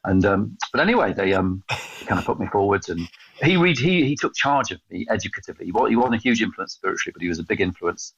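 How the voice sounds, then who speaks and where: English man, 50s, guest storyteller. Very low husky voice, rapid delivery, dry close sound. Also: no echo. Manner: animated storyteller, quick and self-mocking. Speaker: podcast guest, evangelist. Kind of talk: storytelling in a casual interview. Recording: dull, slightly lo-fi sound.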